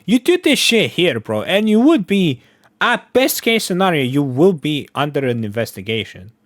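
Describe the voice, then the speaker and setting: Profane, animated man reacting dry. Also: on the high side, moderate pace, no room sound. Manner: blunt, profane, incredulous. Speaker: reaction channel host. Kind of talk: casual reaction commentary.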